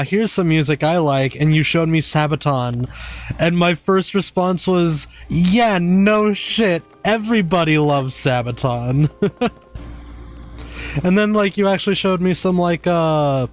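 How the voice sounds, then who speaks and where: An American man live-streaming a game, chatting casually, swearing freely and reading chat messages aloud. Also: on the high side.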